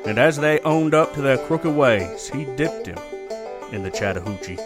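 A man's voice: mid-range voice, lively intonation, normal speed, music in the background, lightly acted. A man putting on a folksy Southern scripture reader. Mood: storytelling.

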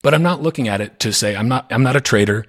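A man's voice: medium pitch, fast talker, a bit bright. A man hosting a podcast, talking in an earnest, reflective way with frequent restarts in casual conversation. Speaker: podcast host.

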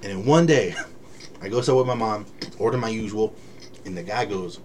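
A man's voice: fairly low pitch, moderate pace, noisy background. Laid-back, slangy man in casual chat.

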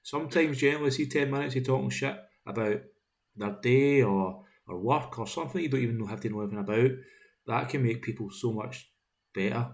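A man hosting a podcast, talking in a relaxed, jokey way with some swearing. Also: medium pitch, fairly quick, vocal fry. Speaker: podcast host. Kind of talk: casual podcast chat.

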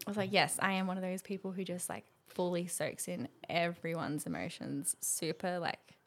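A woman's voice: fairly low pitch, moderate pace. A woman in her twenties chatting casually as a podcast guest, telling a story with acted-out quotes and frequent laughter. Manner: animated storytelling, acts out quotes, laughs often. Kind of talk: casual chat.

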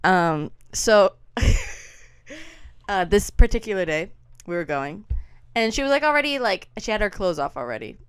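Animated young woman telling a funny story. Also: medium pitch, a little slow, smooth, no room sound, clean studio sound. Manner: animated, laughs often while telling a story. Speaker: podcast co-host. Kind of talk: casual chat, storytelling.

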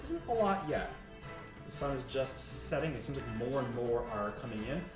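A man's voice: medium pitch, moderate pace, far from the mic. Man game master narrating, roomy. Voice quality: lively, animated storytelling. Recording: echoey room from off-mic, music behind.

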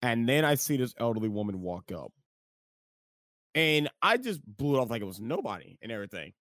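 A man's voice: mid-range voice, fairly quick, no room sound, studio quality. A man co-hosting a casual podcast, telling a story with lots of laughter and acted-out quotes. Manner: animated, laughing, acts out quoted lines. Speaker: podcast co-host.

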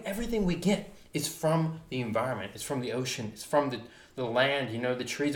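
A man holds forth on a casual podcast, his voice sitting at an ordinary middle pitch. He talks with fired-up, emphatic passion, pressing each point hard. The recording has a roomy echo around him. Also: animated, a little fast. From United States. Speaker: podcast co-host.

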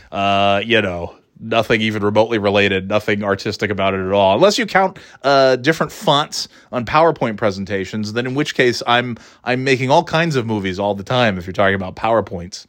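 A man's voice: on the low side, lively intonation, brisk, few pauses, fairly bright tone, no room sound, studio quality. A man in his forties casually telling a personal anecdote, rambling and self-deprecating with frequent restarts. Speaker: storyteller.

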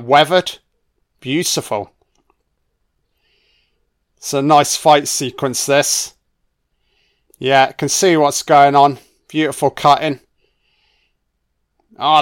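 Excitable, foul-mouthed man yelling at the screen, unhurried, smooth clear tone. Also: fairly high pitch. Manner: excitable, swears a lot, talks to the screen. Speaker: film commentator. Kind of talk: casual film commentary. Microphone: home microphone, audio only.

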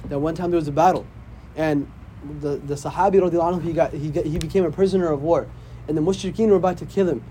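A man's voice: a little high, steady tone, fast talker, warm tone, a little hiss or hum. A man, an imam, teaching a casual religious class, often checking in with "right?". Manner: conversational, often asks "right?".

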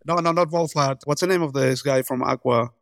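A man's voice: mid-range voice, a little fast, gravelly, no room sound, clean studio sound. A man co-hosting a podcast in casual chat, telling kitchen stories with lots of laughter and acted-out quotes. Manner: laughing storyteller, acts out quotes. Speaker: podcast co-host.

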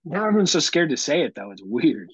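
A man's voice: on the high side, fast talker, husky, dry recording, low-quality recording. A man in his thirties, a podcast co-host, chatting casually and acting out the quotes in his stories. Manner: animated storyteller, acts out quotes. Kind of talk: casual chat.

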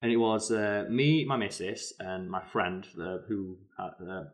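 A British man co-hosting a casual chat, telling stories in an animated way with lots of fillers. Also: lowish voice, unhurried. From Britain. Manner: animated storyteller, many fillers. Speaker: podcast co-host.

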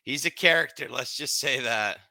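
A man's voice: medium pitch, moderate pace, bright, forceful tone, dry recording. A Canadian man co-hosting a sports podcast in easygoing chat, rambling and restarting his sentences. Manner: rambling, self-interrupting, chummy. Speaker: podcast co-host.

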